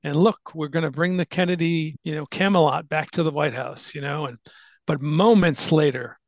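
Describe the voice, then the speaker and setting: Man, podcast host, gravelly, dry close sound, rambling history explainer. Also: fairly high pitch, moderate pace, no echo. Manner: explains at length, with fillers and restarts. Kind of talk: casual history chat.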